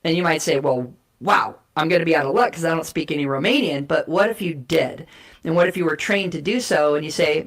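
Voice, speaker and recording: A woman guest giving an energetic, persuasive talk on communication styles and acting out short role plays to make her points. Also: deep voice, fast talker. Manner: energetic, persuasive, emphatic teaching. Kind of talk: animated explanatory talk with role play.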